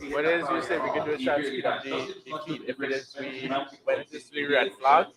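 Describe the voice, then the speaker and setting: A man hosting a live race watchalong, excitable and breaking into shouted mock commentary. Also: mid-range voice, brisk. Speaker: livestream host. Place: bar and grill. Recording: noisy bar crowd behind.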